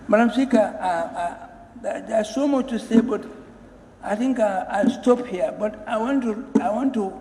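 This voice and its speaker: A man's voice: sits high, a little slow, mellow, slight background noise. A man, a member of parliament giving an emphatic, pleading floor speech and often restarting his words. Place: parliament chamber. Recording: echoey chamber with long reverb.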